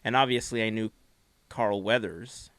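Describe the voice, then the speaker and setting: Bright, clear-voiced man co-hosting. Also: fairly low pitch, steady tone, moderate pace, dry recording. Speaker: podcast co-host. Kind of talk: casual chat.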